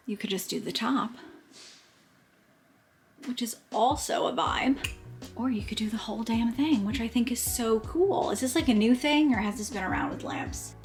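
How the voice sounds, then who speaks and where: A woman's voice: a little high, vocal fry. A young woman vlogging casually at home, gushing and a little dramatic as she talks to the camera. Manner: gushing, self-aware dramatic. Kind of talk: casual vlog talk to camera. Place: home bedroom, indoors.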